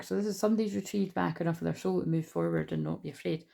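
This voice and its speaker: A woman giving a casual spiritual card reading at home, chatty and rambling with excitable asides. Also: on the low side, very fast, vocal fry, hardly any pauses. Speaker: tarot reader. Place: at home indoors.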